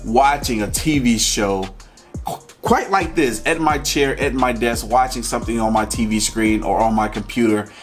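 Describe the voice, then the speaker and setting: A man's voice: medium pitch, normal speed, faint music behind. A man vlogging, talking candidly and emotionally to his viewers about his own experiences in a casual, personal way. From Georgia, USA. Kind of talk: personal storytelling to camera.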